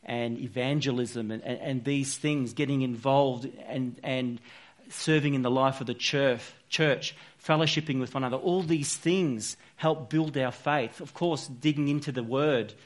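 A man's voice: medium pitch, steady tone, measured pace. A man giving an informal, earnest sermon, talking conversationally with frequent restarts and fillers. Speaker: preacher.

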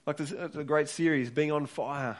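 A man's voice: fairly high pitch, normal speed. A man preaching a sermon as pastor, earnest and urging, often repeating words as he builds each point.

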